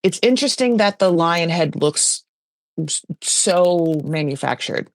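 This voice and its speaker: A podcast host with a fairly low, expressive voice recaps a reality show at a measured pace, in a casual pop culture chat. She's chatty and gossipy, saying "like" a lot, and the studio-quality recording has no echo.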